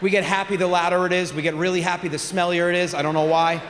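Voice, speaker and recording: A man in his forties doing a crude, animated stand-up comedy set on a theater stage, with shouted punchlines. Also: sits high, fast, slight background noise. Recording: live theater recording with long reverb.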